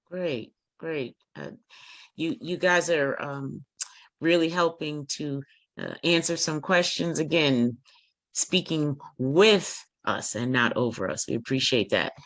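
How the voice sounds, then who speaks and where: This moderator talks slowly and deliberately, thanking the guests and reading out listener questions. The voice is bright and the sound is close and dry. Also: mid-range voice, dry recording. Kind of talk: moderating a talk show.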